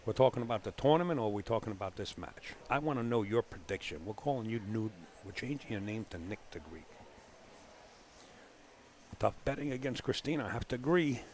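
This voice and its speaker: A man's voice: fairly low pitch, a little hiss or hum. A man with a Bronx New York accent doing live play-by-play commentary on a billiards match, mixing his calls with joking, teasing banter. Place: alone in a small commentary room.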